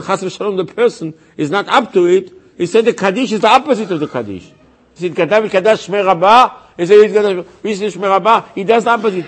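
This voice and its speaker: A man's voice: a little high, a little mellow, husky. A man, a rabbi, giving a religious lecture in an emphatic way, repeating his points and acting out voices he quotes.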